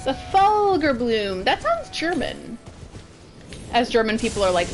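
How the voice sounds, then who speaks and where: A woman's voice: fairly high pitch, very animated, measured pace, soft background music. A woman from Massachusetts giving casual, rambling commentary while streaming a game. She laughs often.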